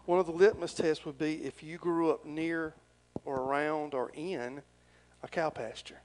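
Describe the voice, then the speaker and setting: A man's voice: a little high, fairly even intonation, unhurried, darkish tone, poor audio. A middle-aged man, preaching a folksy, rambling and earnest sermon as pastor.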